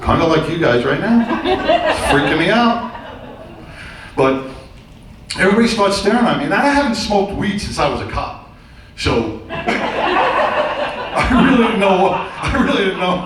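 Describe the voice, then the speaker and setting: A man's voice: high-pitched, huge pitch swings, unhurried, pauses often. A middle-aged man performing a stand-up comedy routine on a theater stage, telling loose, rambling stories with crude punchlines. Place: theater stage before a live audience. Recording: very echoey, distant room sound with faint noise.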